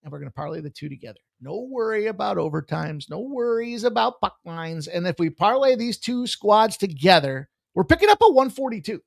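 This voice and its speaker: A man hosting a live sports betting stream, brash, excitable and profane as he rattles off picks and jokes. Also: high-pitched, fairly quick, gravelly, few pauses, no room sound, clean studio sound. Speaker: sports betting show host. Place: room with a hockey banner on the wall.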